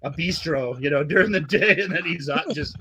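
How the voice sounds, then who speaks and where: A man's voice: a little high, expressive, fairly quick, a loud crowd. A middle-aged man hosting a podcast, rambling and swearing a lot as he laughs through old stories. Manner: profane, rambling, laughs often. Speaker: podcast host. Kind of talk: casual podcast chat. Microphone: remote call audio.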